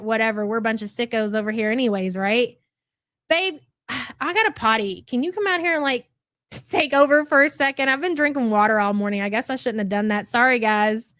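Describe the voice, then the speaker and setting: A woman's voice: on the high side, a bit bright, no echo, clean studio sound. A woman hosting a casual livestream, gossiping and thanking viewers for super chats. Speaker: livestream host. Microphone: desk microphone.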